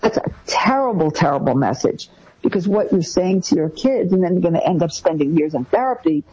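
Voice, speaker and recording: Lively husky woman giving parenting tips. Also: a little fast, dull audio. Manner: lively, acts out quoted parent lines in a higher voice. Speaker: co-host giving parenting advice. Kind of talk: casual advice talk.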